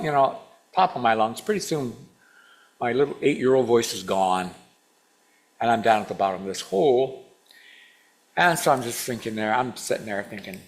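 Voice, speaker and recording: A man's voice: medium pitch, moderate pace. A man in his sixties from Washington State, giving a storytelling sermon to a congregation, asking the audience questions and acting out his younger self. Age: 60s. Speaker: guest speaker.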